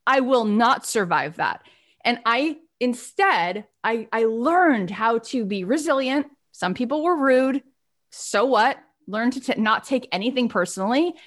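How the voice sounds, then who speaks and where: A middle-aged woman gives a motivational talk in a fairly high voice. She tells stories with animated energy and acts out old phone calls as she goes. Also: measured pace. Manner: animated storytelling, acting out past phone calls. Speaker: songwriter and business teacher.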